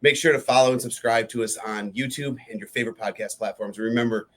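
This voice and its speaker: A man hosting a podcast, upbeat and quick to laugh. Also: mid-range voice, fairly even intonation. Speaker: podcast host.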